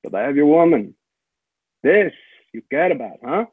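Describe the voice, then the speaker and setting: Guy doing a gloaty bad guy voice, slow threats, phone-line tinny and husky. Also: on the high side, very animated, pitched above the performer's own voice. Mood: gloating. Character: menacing male movie villain taunting a hunter.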